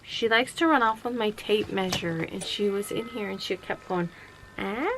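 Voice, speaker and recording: A woman's voice: mid-range voice, moderate pace, background noise. A tired woman chatting casually and rambling at home late at night, with lots of fillers and restarts. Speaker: vlogger running a small sewing business. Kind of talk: casual chat. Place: home workroom.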